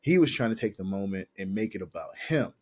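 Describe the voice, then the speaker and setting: A man with a fairly low voice talks through a casual podcast chat. He rambles in slangy asides and circles back over the same points as he talks. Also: animated, quick pace, darkish tone. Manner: rambling, slangy, repeats himself. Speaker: podcast co-host.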